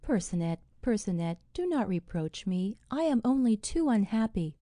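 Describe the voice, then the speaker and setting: A woman reading a storybook and voicing a gentle young princess who pleads in sorrow. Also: mid-range voice, big pitch swings, moderate pace, no echo, studio quality, natural voice. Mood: despairing.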